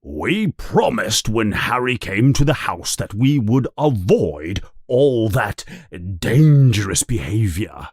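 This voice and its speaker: A blustering, easily rattled storybook uncle who stammers and barks his words out slowly, as a man puts him on. The voice is dry and close, with no room around it. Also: on the low side, very animated, a little mellow, husky, dry recording, full character voice. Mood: nervous. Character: blustering, scared middle-aged man.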